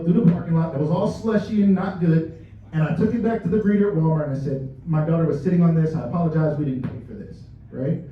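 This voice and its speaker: Middle-aged man, company leader, storytelling talk to a room, high voice, heard from a distance in an echoey space. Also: a little hiss or hum. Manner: storytelling, addresses the audience directly, laughs at own stories. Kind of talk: motivational talk to a live audience. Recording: distant mic, dull and echoey room sound.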